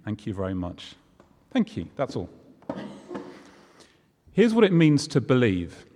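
A man's voice: medium pitch, wildly swooping pitch, a little slow, pauses often, darkish tone, a little hiss or hum. A man preaching a conversational sermon, using props and everyday examples. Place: church hall. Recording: long hall reverb.

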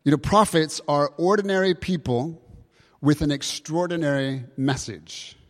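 A man preaching a sermon, explaining scripture with lively emphasis and rhetorical questions. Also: fairly high pitch, unhurried. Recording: long hall reverb.

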